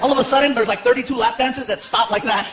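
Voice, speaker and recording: A man from Los Angeles doing a stand-up comedy routine, telling animated, self-mocking stories on a theater stage. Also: extremely high pitch, quick pace, very noisy. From Los Angeles, USA. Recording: echoey theater with roaring crowd.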